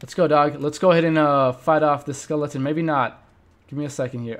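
Young male let's play host, slightly high pitch, excitable and jokey running commentary. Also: a little fast. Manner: animated, talks to viewers, reacts loudly to the game; playful, jokes and mock eulogies. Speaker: gaming channel host.

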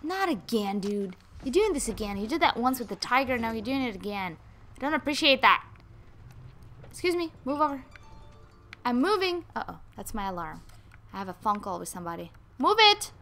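Brief: woman gamer host, bright and high, chatty play-along commentary. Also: big pitch swings, brisk, a little hiss or hum. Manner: chatty, talks to game characters. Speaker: gaming video host.

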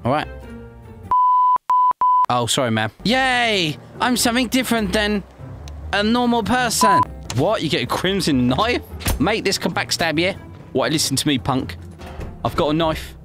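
An English man bantering cheekily through a game session, his voice sitting a little high. It swings up and down with lively energy as he jokes with other players, with clear music under it. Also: measured pace, long pauses. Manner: cheeky, joking, calls people mate and son. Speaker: gaming YouTuber. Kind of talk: playful gameplay commentary and roleplay chat.

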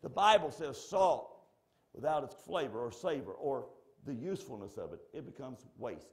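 A pastor preaching a sermon in a church, swinging from shouted lines to hushed, close asides. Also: male voice, medium pitch, animated, moderate pace. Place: church sanctuary.

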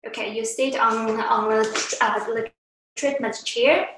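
A woman teaching a beginner class, patiently explaining and acting out example sounds with exaggerated pitch. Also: fairly even intonation, slow, a bit bright, roomy sound, a little hiss or hum, low-quality recording. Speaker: Chinese language teacher.

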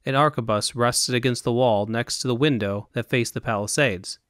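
A man reading scripted fantasy narration in a measured, even storytelling manner. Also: medium pitch, no room sound, studio quality. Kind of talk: audiobook narration.

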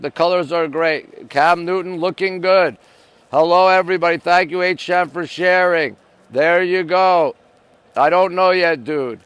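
Live-stream host, male, from Canada, upbeat greeter, smooth dry voice on a phone mic. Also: a little high, fairly bright tone, no echo. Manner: upbeat, greets viewers one after another. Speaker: livestream host. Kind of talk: live-stream chat reading viewer comments. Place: rooftop deck in the city, outdoors at night. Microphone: phone held at arm's length.

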